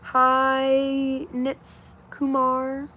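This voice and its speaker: A woman's voice: high-pitched, monotone, very slow, sharp tone, a little hiss or hum. A woman in her late twenties chatting casually on a livestream, reading out comments in a blunt, heavily profane way. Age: 20s.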